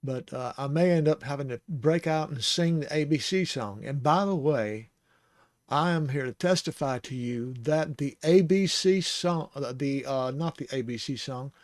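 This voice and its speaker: A man teaching the Hebrew alphabet in a casual, rambling way, sounding out syllables slowly and chuckling now and then. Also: fairly high pitch, no room sound, clean studio sound. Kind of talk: casual lesson.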